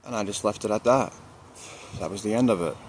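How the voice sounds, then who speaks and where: A man with a somewhat low voice tells a personal story in a loose, casual vlog manner. He leans on slang and repeats lines for emphasis. Steady background noise and passing vehicle sounds sit under his voice. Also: fairly quick. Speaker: vlogger.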